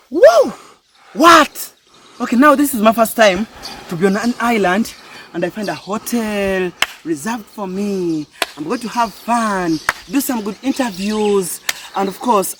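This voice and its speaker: Excitable Ugandan man vlogging. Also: high voice, noisy background. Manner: exclamatory, repeats phrases, mixes English and Luganda. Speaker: vlog host. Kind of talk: excited travel vlog.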